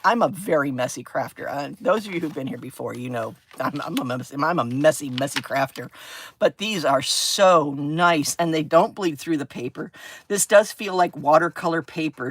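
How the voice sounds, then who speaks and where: A woman's voice: low voice, a bit bright, a little hiss or hum. Bubbly, gushing woman crafter. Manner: bubbly, gushing, squeals of delight. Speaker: livestream craft host. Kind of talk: casual livestream chat. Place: craft table at home.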